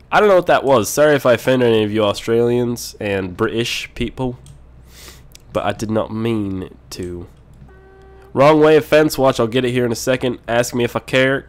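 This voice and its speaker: A young man giving casual let's-play commentary as a gaming host, rambling to himself, excitable and swearing often. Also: medium pitch.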